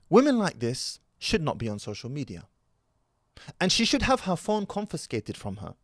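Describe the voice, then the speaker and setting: A young man lecturing his viewers in an emphatic, preachy commentary style. His pitch swings widely as he presses one rhetorical question after another. The sound is dry and close, with no room around it. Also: wildly swooping pitch, moderate pace, no echo. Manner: scattered Arabic words in his speech. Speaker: online commentator. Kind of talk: opinionated commentary vlog.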